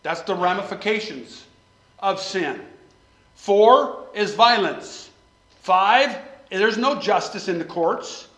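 Man preaching, high voice, impassioned, loud pleas and hushed asides, echoey room. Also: expressive, takes it slowly. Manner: impassioned, swings between loud pleading and quiet asides. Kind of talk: sermon.

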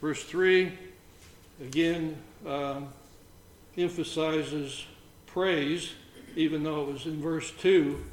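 A man leading an informal Bible study, reading scripture aloud between halting comments. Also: a little high, fairly even intonation. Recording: roomy echo, faint background noise.

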